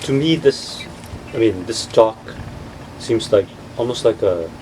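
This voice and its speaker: A man's voice: lowish voice, lively intonation, measured pace, background noise. A man in the audience asking questions hesitantly, searching for his words. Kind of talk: casual questions.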